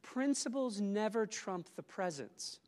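A man preaching a sermon at a church conference, animated, rising to loud exclamations and dropping to soft reflective asides. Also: sits high, measured pace. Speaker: conference speaker. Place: church auditorium. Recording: live in a large hall with long reverb.

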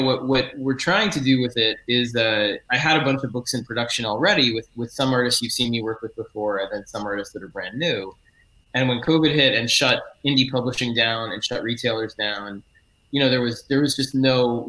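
A middle-aged man with a bright, forward tone, talking at a middling pitch in a relaxed interview. He is a comic book writer who explains things at length, earnest and eager, often restarting and correcting his phrasing as he goes. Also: low-quality recording. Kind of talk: casual interview talk.

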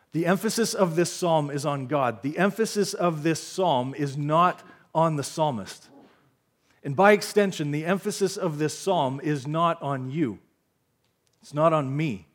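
A man preaching a sermon as pastor, earnest and repeating key lines for emphasis. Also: on the high side. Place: church sanctuary.

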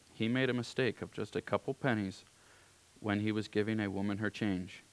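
A man's voice: on the low side, clear, resonant tone, close to an everyday voice, rough recording. A man reading aloud, voicing a stern mother who firmly scolds her young son. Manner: firm and reproachful.

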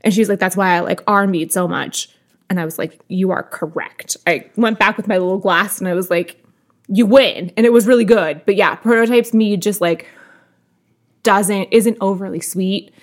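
Podcast lady, mid voice, animated storyteller, swears a lot, casual chat. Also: mid-range voice, normal speed. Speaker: podcast co-host.

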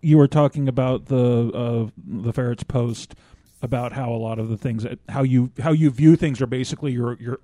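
A man's voice: mid-range voice, moderate pace, mellow, no echo. A man talking casually as a regular on a podcast, hesitant, with many ums and restarts. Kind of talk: casual chat.

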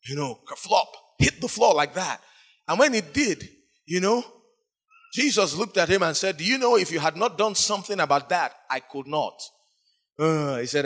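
A man with a somewhat high voice preaches a sermon in a storytelling way. He voices the people in his story and breaks into sudden emphatic rises, then drops back to a quieter tone. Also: expressive, moderate pace.

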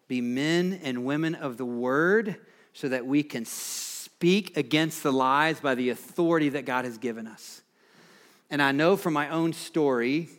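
A man's voice: mid-range voice, fairly bright tone. A man preaching a sermon as pastor, building with passion and emphasis on key phrases.

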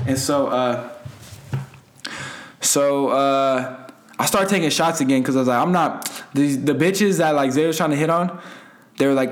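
A man's voice: mid-range voice, moderate pace, pauses often. A young man telling a rambling, profane party story in casual slang, laughing as he goes. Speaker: guest storyteller.

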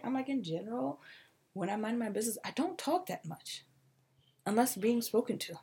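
Young female co-host, husky gravelly voice, animated storyteller, casual podcast chat. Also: moderate pace. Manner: animated storytelling, acting out quotes in a high mocking voice.

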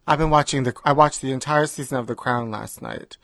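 A man's voice: mid-range voice, a little fast, vocal fry, fairly bright tone, no room sound. A man co-hosting a comedy podcast from home, chatting in a campy, gossipy way and calling his co-host honey. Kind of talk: casual comedic chat. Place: recording remotely.

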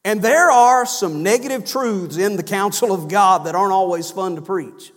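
A man preaching a sermon in church, swinging from loud emphatic cries down to low, soft phrases. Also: normal speed. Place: church sanctuary. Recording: long church reverb.

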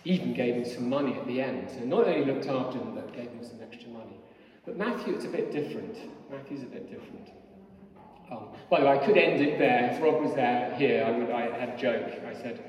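A man's voice: medium pitch, a little fast, darkish tone. A man giving a nervous lay sermon as church warden, hesitant, with many fillers and restarts. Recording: echoey church from far off.

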